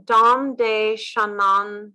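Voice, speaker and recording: A woman's voice: mid-range voice, fairly even intonation, slow pace, pushed and bright, clear, resonant tone. A woman hosting a casual interview chat, upbeat, repeating words back and laughing at her own slips. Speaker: host.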